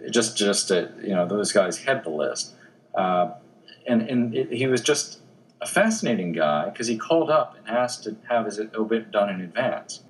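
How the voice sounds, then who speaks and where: A man who is a newspaper obituary editor, a guest in an interview, telling anecdotes in an animated way with frequent restarts. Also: fairly low pitch, normal speed, low-quality recording.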